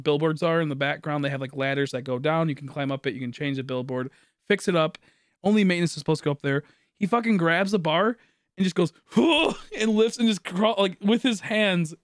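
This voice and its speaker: A man's voice: on the high side, no echo, studio quality. A man in his late twenties, a streamer rambling through a funny story, laughing often and swearing casually.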